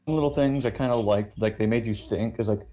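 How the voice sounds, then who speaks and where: A man's voice: fairly low pitch, fast talker, mellow. A man chatting as a player at a tabletop game, rambling with lots of fillers. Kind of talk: casual tabletop session talk.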